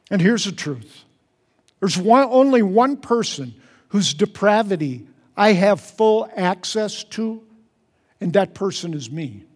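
Guy pastor preaching, kinda high voice, repeats stuff, big church echo. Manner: earnest, repeats phrases, drops to soft low tones for prayers. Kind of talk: sermon. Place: large church hall. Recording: long hall reverb.

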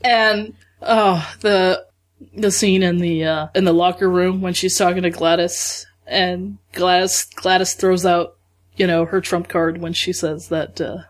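A woman's voice: fairly low pitch, measured pace. A woman co-hosting a podcast, chatting enthusiastically and acting out her own reactions. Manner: enthusiastic, animated retelling with quoted reactions. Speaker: podcast co-host. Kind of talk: casual chat.

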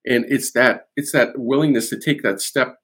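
Husky-voiced man explaining at length. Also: mid-range voice, normal speed. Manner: explanatory, animated storytelling with restarts. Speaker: guest author. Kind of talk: podcast interview.

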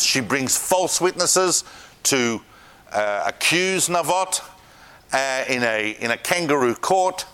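Animated, bright-voiced male Bible teacher. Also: medium pitch, clear, resonant tone. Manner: animated, chatty storyteller with asides. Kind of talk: lively lecture to a live class.

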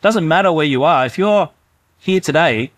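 A man's voice: fairly high pitch, expressive, moderate pace, no echo. A man preaching a sermon in a conversational way, sometimes acting out inner voices. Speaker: pastor.

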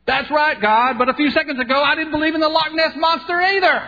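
A man putting on a shrill, pleading atheist fisherman. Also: fairly even intonation, fast, background noise. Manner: pleading, high-pitched. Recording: dull sound with long hall reverb.

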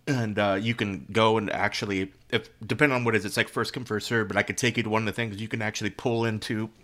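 A man co-hosting a podcast from his home, explaining things at length in a rambling, animated way. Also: lowish voice. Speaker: podcast co-host. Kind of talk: casual chat.

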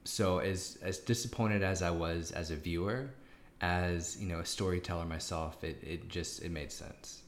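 A man's voice: deep voice, steady tone, normal speed. A man co-hosting a casual movie review chat, thoughtful, with hesitant restarts. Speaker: podcast co-host.

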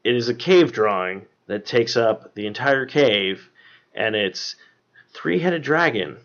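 A man's voice: medium pitch, animated, slow, a bit bright, highs cut off. A man hosting a podcast, recapping a film in casual chat with lots of fillers and swearing. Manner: rambling, many fillers and swearing. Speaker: podcast host.

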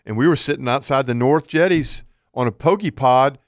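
A man co-hosting a fishing radio show, telling an excited story. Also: mid-range voice, normal speed, no room sound, clean studio sound. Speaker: co-host. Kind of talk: casual radio chat.

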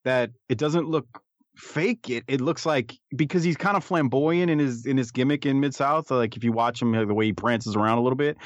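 A man's voice: mid-range voice, dry recording. A man co-hosting a casual podcast, talking with hesitant restarts and easy laughter. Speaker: podcast co-host. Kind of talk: casual podcast review chat. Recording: dull, dry lo-fi mic.

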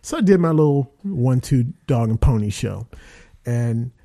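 A man with a gravelly, mellow voice tells a long story in a casual interview. He talks in a rambling, animated way and fills his pauses with "uh" and "um." His pitch sits in the middle range for a man. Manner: rambling, animated anecdotes with many fillers. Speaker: actor, interview guest.

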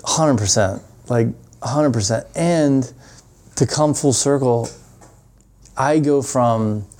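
A man as a podcast guest, animated and rambling as he tells stories in casual chat. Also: medium pitch, slow. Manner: animated, rambling with fillers and restarts.

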